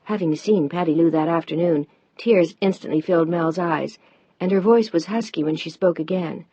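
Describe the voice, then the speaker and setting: A woman narrating an audiobook in a measured, even way. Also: lowish voice, breathy edge, dry recording. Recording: dull dry audiobook recording.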